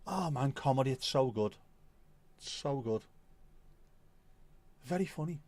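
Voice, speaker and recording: In a mid-range, darkish voice with lively intonation, this middle-aged livestream host talks a little slowly. He goes through viewer comments in casual chat, frequently laughing and swearing.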